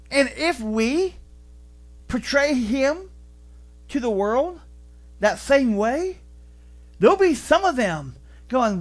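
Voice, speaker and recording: A male pastor delivers a sermon in a church with a lively, swooping voice. He tells stories animatedly, jumping into voices and bursts of emphasis. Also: very high-pitched, measured pace, pauses often. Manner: animated storytelling, acting out voices. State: vertigo, deaf in left ear.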